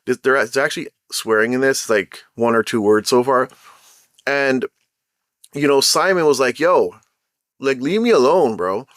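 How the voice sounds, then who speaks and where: A young man of Caribbean background giving casual commentary as a show host, animated, acting out quotes as he retells. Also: medium pitch, a little slow, no room sound, studio quality.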